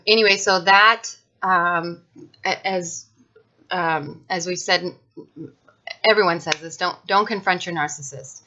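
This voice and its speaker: Frank woman with a bright, dull-recorded voice. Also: fairly low pitch. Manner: frank and emphatic, with frequent fillers and restarts. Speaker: vlogger sharing personal experience. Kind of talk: casual personal talk to camera.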